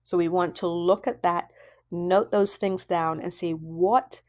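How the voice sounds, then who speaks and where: A woman's voice: on the low side, steady tone, a little slow. Woman coaching parents with rhetorical questions. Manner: conversational, asks many rhetorical questions. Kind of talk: instructional audio workbook talk.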